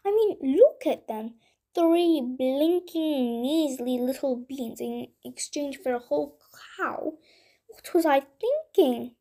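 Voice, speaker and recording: Storybook boy Jack, played by a woman, raised pitch, eager and impulsive. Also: lively intonation, moderate pace, dark tone. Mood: frustrated. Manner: stammering when upset.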